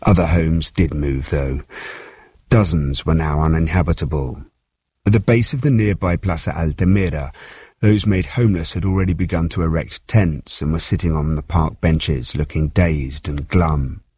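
Low, husky male reporter narrating. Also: dark tone, dry recording. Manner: measured, storytelling delivery.

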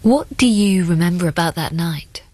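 A woman interviewing a guest, asking her questions gently and in a soft voice. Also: fairly low pitch, expressive, moderate pace, slightly rough, no room sound.

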